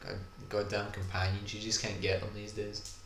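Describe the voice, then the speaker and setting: Chatty low-voiced man in echoey room. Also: monotone, moderate pace, a bit bright. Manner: chatty, enthusiastic, often says "kinda". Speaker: podcast co-host. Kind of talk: casual chat over a viewing. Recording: echoey room with faint ambient noise.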